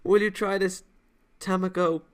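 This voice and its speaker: A man's voice: high-pitched, flat delivery, a little slow, clear, resonant tone, voice pushed up. A man doing a bubbly exchange-student girl. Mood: playful. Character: cheerful young female exchange student, playful. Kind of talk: visual novel voice acting.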